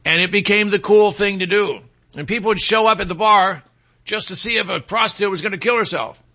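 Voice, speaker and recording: A man's voice: high-pitched, fairly quick, pushed and bright. A man hosting a talk radio show, delivering an opinionated monologue in a sarcastic tone and mocking people with put-on voices.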